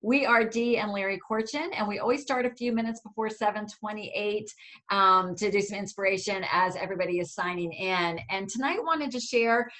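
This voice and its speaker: A woman's voice: mid-range voice, fairly quick, fairly bright tone, low-quality recording. A woman coach opening a group call in a casual, friendly way, with fillers. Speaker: coach hosting a team call.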